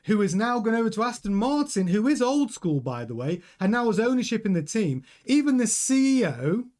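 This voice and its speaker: A man with a high-pitched voice delivers animated, opinionated commentary to camera. He presses his points hard and talks straight to his viewers. The host is in full flow, quick and emphatic. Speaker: host of a motorsport news channel.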